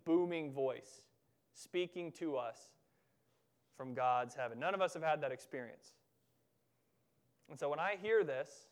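A man delivers a sermon from the pulpit in a church, with a somewhat high, smooth and resonant voice. He preaches emphatically, repeating phrases for effect and drawing out the key words. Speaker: pastor.

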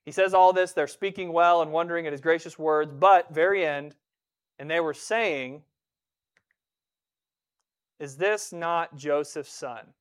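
Male preacher, slightly high, clean smooth tone, chatty sermon delivery with restarts. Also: a little slow, pauses often. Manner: conversational preaching with frequent restarts and dramatic quoted voices. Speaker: pastor.

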